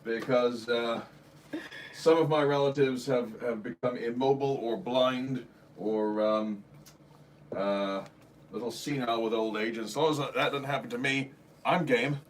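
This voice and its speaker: Guy in his forties reading out chat, mid-pitched, low-key, far from the mic. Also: steady tone, normal speed. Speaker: co-host reading viewer comments. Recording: off-mic with faint background noise.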